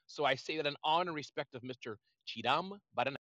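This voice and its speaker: Man, earnest and rambling, bright forceful tone, slightly higher pitch, dull dry lo-fi audio. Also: animated, fast, few pauses, dry recording. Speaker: audio room speaker. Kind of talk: casual live talk.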